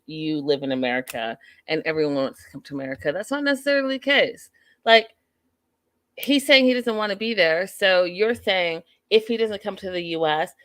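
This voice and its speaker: A woman's voice: lowish voice, no echo. A woman hosting a show, giving a chatty, opinionated recap of a reality TV episode and greeting viewers from the live chat. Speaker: show host.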